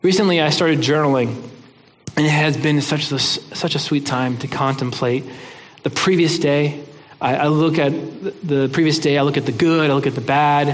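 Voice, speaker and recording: A man's voice: on the high side, in a large hall. A man giving a sermon in an earnest, conversational way, often restarting his words. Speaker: pastor.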